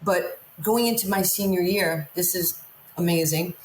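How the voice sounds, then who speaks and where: The guest, a woman from Queens, New York, recounts her life frankly and brings it alive by acting out what people told her. She speaks at a measured pace in a lowish voice, and the echoey room carries a faint hiss or hum.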